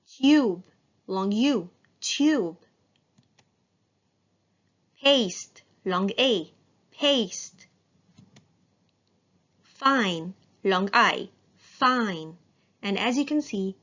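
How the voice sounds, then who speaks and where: Lady teacher going slow thru phonics words, kinda dull lo-fi sound. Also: mid-range voice. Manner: slow, clear, asks the class questions and answers them herself. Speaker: English teacher. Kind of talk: recorded phonics lesson.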